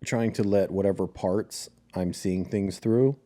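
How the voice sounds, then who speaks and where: Low, mellow-voiced man telling a story. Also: a little slow. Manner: recounts a dream, acts out family quotes, swears freely. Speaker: podcast co-host. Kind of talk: casual storytelling chat.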